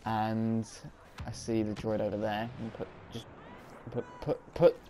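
A man's voice: on the low side, monotone, a little slow, mellow, a little hiss or hum. A man giving casual, self-mocking commentary while playing a video game, reacting on the fly. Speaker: gaming commentator.

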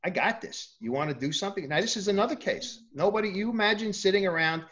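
A man's voice: high-pitched, expressive, fast, fairly bright tone, dull audio. A man talking as a guest author in a casual interview, hesitating often with ums.

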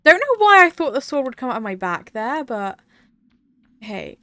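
A woman's voice: high voice, very animated, normal speed, bright, forceful tone. A young woman chatting casually on a live game stream, rambling and giggling as she talks to her viewers. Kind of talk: casual live-stream chat while gaming.

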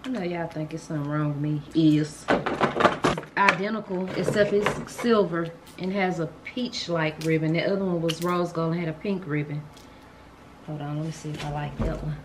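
A woman vlogs her day, chatting casually and informally to the camera with Southern-style slang. She speaks at a normal speed in a low-pitched voice with fairly even intonation. The background is noisy.

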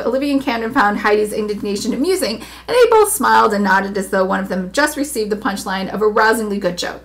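A woman hosting a book club, reading a novel aloud with steady narration. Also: mid-range voice, quick pace, hardly any pauses.

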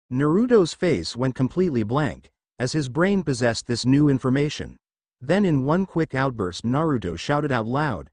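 A man narrating a fanfiction story in a steady, expressive reading. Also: mid-range voice, normal speed, no room sound.

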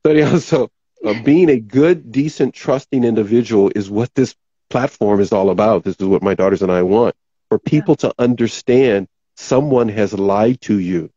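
A man hosting a talk show, rambling casually as he reads out viewer comments, his voice going hoarse. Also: lowish voice, normal speed, mellow, no room sound, highs cut off. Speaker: podcast host.

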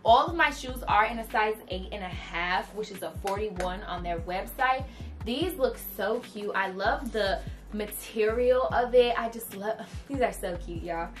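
A young woman speaks at a measured pace in a mid-range voice, excitedly trying on clothes and chatting directly to her viewers in a gushing, bubbly way. Her voice is slightly removed from the mic, with music underneath.

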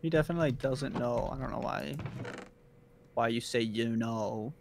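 A man's voice: medium pitch, moderate pace, vocal fry, a little mellow, slight background noise. A young man in laid-back gaming chat with friends, mumbling along as he plays. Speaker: streamer playing with friends.

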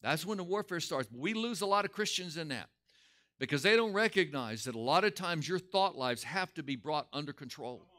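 A man's voice: fairly high pitch, lively intonation, brisk, bright, forceful tone. A man, a pastor, preaching a Sunday school lesson with emphatic, storytelling delivery. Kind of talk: sermon.

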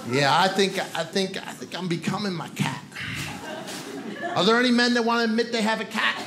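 A stand-up comedian with a Brooklyn accent, performing a set on a comedy club stage with punchy, playful crowd asides. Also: male voice, high-pitched, fairly even intonation, fairly quick. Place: comedy club stage before a live audience. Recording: roomy live venue with crowd noise.

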